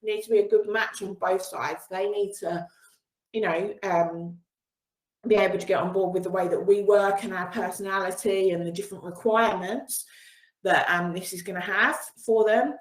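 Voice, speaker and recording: A woman's voice: medium pitch, fairly even intonation, normal speed, roomy sound, rough recording. A woman running an online coaching session over a video call, upbeat and encouraging, with frequent laughs. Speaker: business coach. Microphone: video call with screen sharing.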